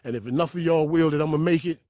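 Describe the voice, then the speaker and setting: A man with a somewhat high voice, talking as a guest on a podcast. He tells his stories in an animated, profane, street-talk manner. The recording is dry and close, with no room sound. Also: fast, no echo, muffled recording.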